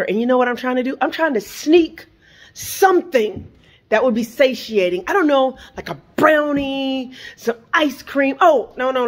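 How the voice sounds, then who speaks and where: A middle-aged woman vlogging casually from her kitchen, ranting in an animated, exasperated way and firing off rhetorical questions. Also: on the high side. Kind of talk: casual vlog rant. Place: home kitchen.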